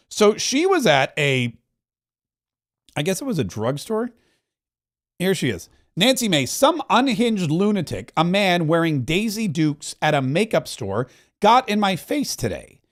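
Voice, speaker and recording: A man hosting a political podcast, talking casually in a wry, rambling way with asides. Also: fairly high pitch. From immigrant, living in Florida. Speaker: podcast host.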